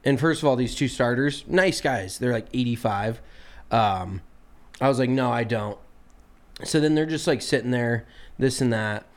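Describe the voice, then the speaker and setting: A man co-hosting a podcast, telling a story in a casual, animated and profane way, sounding exasperated. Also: mid-range voice, normal speed. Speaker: podcast co-host.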